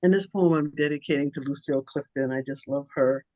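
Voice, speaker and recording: A man performing spoken word poetry, slow and deliberate, leaning on rhythmic repetition. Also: a little high, warm tone, no room sound, highs cut off. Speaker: poet.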